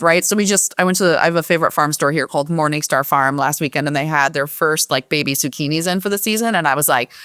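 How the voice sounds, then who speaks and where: Chatty woman with a low, dry voice. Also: fairly bright tone, dry recording. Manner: rambling, heavy use of "like". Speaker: cookbook author guest. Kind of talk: casual podcast conversation.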